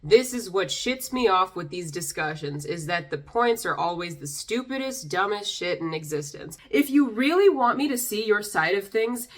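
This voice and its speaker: A woman's voice: medium pitch, lively intonation, normal speed, few pauses. A young woman vlogger reacting to comments in a sarcastic, exasperated way, a little tipsy. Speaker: YouTuber reading comments. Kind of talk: casual commentary.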